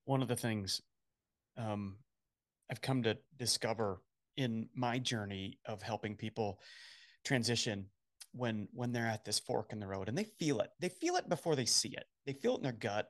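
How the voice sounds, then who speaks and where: Earnest man explaining, mid-range voice. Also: mid-range voice. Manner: earnest, circling back on his phrases. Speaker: podcast guest, career transition coach. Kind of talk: conversational explanation.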